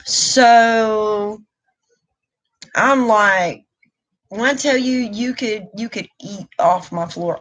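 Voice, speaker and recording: A woman's voice: mid-range voice, a bit bright, low-quality recording. A middle-aged woman, talking openly and emotionally in a rambling live stream chat. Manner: candid, emotional, rambling with restarts. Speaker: vlogger.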